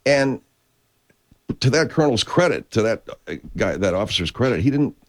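A man's voice: medium pitch, very animated, normal speed. A man hosting a show, chatting casually in a profane, digressive way with many restarts. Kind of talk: casual rambling chat. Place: California.

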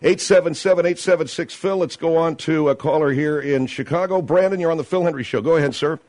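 A man hosting a call-in radio show, excitable and incredulous, quickly moving callers along. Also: fairly high pitch, no echo. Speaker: radio talk show host.

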